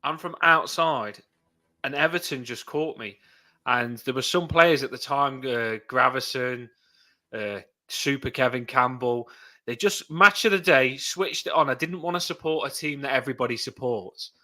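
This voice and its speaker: A man's voice: medium pitch, moderate pace, sharp tone. A man, a guest talking earnestly and enthusiastically about football. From England. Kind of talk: casual conversation.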